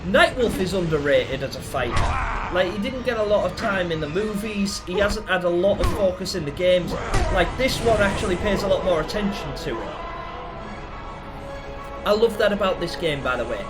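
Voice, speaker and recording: A gaming host chats through a fighting game, laughing, cursing and yelling at the screen. His voice sits fairly high for a man. Game music plays clearly behind him. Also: moderate pace. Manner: excitable, swears and laughs often, shouts at the game. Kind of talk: let's play commentary.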